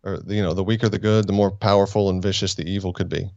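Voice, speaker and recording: A man's voice: sits low, level tone, fast, a little mellow, no echo. A man co-hosting a casual review podcast, rambling, teasing and spinning theories as he talks. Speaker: podcast co-host. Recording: dull lo-fi sound.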